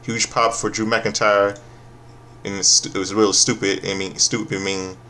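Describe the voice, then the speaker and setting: A man's voice: lowish voice, level tone, normal speed, sharp tone, slight background noise. A man giving a casual, profane, sarcastic recap of a wrestling show, often stopping and restarting his sentences.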